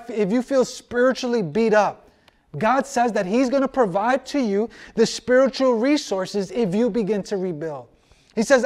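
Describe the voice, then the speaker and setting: A male pastor preaching a sermon, asking many rhetorical questions and slowing down to drive points home. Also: high voice, darkish tone.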